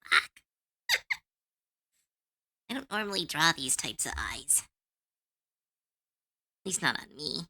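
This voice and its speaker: A bright, giggly woman chats slowly and casually as she draws on stream. Her pitch swoops all over, with little hums between her remarks. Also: very animated. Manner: giggly, hums while working. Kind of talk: casual chat while drawing.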